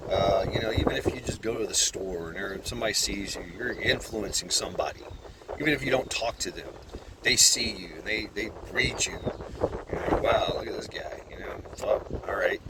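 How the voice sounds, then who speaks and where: A channel creator gives a casual vlog monologue to his viewers, rambling, swearing, and frequently repeating his words. His voice is fairly low in pitch, and the background is noisy.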